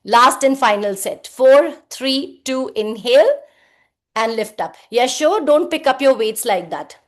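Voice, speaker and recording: A woman's voice: sits high, expressive, measured pace. A woman leading a live group workout, counting reps and giving short cues and praise. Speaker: fitness instructor. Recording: echoey room.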